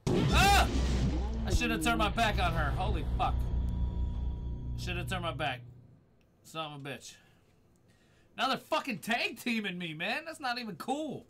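A man streams a horror game live, swearing as he goes and answering his chat. His voice sits a little high and leaps around as he gets startled. Game music plays clearly behind him. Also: very animated, normal speed, pauses often. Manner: profane, jumpy, talks back to chat. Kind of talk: live gaming stream commentary.

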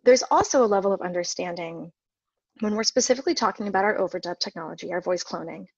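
A woman guest on an interview podcast, explaining technical ideas in a clear, methodical way with the odd restart. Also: on the low side, fast, dry recording. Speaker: guest, marketing manager. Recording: dull dry lo-fi sound.

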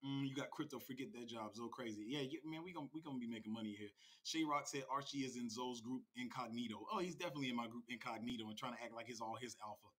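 A man's voice: fairly high pitch, pushed and bright. A man hosting a crypto livestream, reading viewer comments aloud in loose, slangy, rambling casual chat. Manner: loose, rambling, slangy, with many fillers and restarts. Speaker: crypto channel host.

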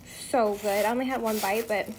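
A woman's voice: mid-range voice, steady tone, moderate pace, a little mellow, a little hiss or hum. A woman vlogging her trip, talking casually to the camera and tasting food as she goes. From not from Hawaii. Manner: chatty and candid, tasting food between remarks. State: irritated and tired. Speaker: travel vlogger. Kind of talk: casual vlog talk to camera. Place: indoors, hotel room and on the go.

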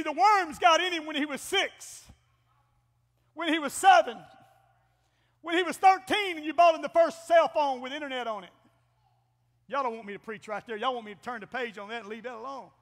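A middle-aged pastor preaching with a very high, bright, piercing voice. His folksy, animated delivery keeps lifting into exclamations, and it rings through a church with a long hall reverb. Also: normal speed, pauses often. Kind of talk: Pentecostal sermon. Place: church sanctuary.

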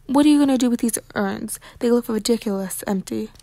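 A sharp, impatient, snooty rich lady in a storybook reading, put on by a woman narrator. She barks orders in a high voice. The sound is close and dry. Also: a little fast, creaky, no echo. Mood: imperious.

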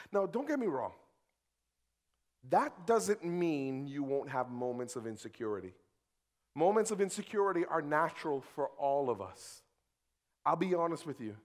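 Animated man preaching a sermon. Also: fairly high pitch. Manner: animated, swings from quiet to shouting. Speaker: pastor. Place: church hall.

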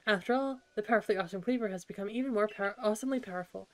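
A woman's voice: medium pitch, very fast, close to an everyday voice. A woman voicing a boastful young boy warden in a game, grandiose and self-assured, over game music. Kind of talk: reading game dialogue aloud.

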